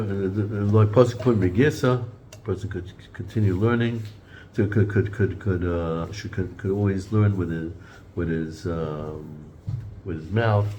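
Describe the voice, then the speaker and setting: A man's voice: fairly low pitch, a little mellow, dull audio, slight background noise. A man teaching an informal Torah class in a conversational way, often repeating and restarting words and mixing in Hebrew and Yiddish terms.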